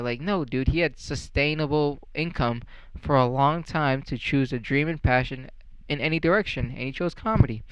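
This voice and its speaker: A man's voice: medium pitch, moderate pace, smooth, no echo, low-quality recording. A young man in a casual, profane rant, sarcastic and rambling, full of fillers and mocking questions.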